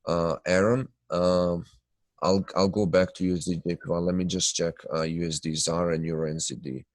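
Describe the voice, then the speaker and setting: Nasal low-voiced man hosting a webinar. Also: flat delivery, moderate pace, dry recording. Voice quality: nasal from blocked sinuses. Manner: loose, filler-heavy talk, answering viewers by name. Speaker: trading webinar host. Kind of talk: live webinar chat and chart analysis.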